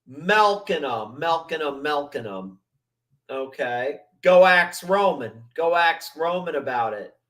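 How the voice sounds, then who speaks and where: A man's voice: on the high side, lively intonation, takes it slowly, fairly bright tone. A man hosting a casual livestream, rambling and swearing as he reacts to chat and videos. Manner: profane, rambling, mimics voices. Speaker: livestream host.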